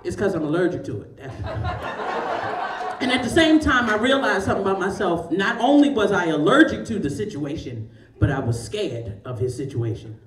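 A woman's voice: medium pitch, sing-song, moderate pace, reverberant, far from the mic. A woman in her forties doing a stand-up comedy set, telling a profane story with big swings of her voice. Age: 40s. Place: comedy show in a large store.

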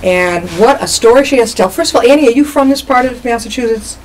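A woman's voice: a little high, expressive, fast, darkish tone, slight background noise, low-quality recording. A woman hosting a community television talk show, chatty and joking with her guest. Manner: chatty, jokey. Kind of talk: casual interview.

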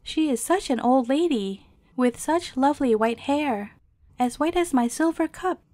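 A woman's voice: high voice, animated, unhurried, dark tone, dry recording. A woman reading aloud and voicing an earnest, easily hurt young princess girl in a pleading, indignant way.

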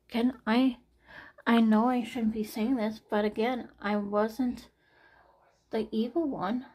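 A woman's voice: on the high side, steady tone, slow pace, long pauses, dark tone, husky. A woman in her forties talking anxiously to camera in a personal late-night vlog, sighing often and trailing off. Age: 40s. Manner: anxious, frequent sighs, trailing off. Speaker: vlogger.

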